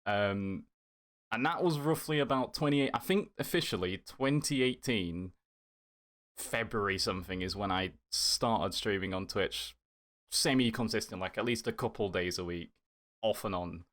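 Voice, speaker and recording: A man's voice: fairly low pitch, normal speed, a bit bright. A man talking as a guest on a casual podcast, rambling enthusiastically. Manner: enthusiastic, rambling, fillers and restarts. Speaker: podcast guest, content creator.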